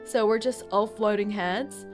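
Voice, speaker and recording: A woman's voice: medium pitch, measured pace, soft background music. A woman streaming a game, chatting in a giggly, playful, teasing way. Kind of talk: game livestream commentary.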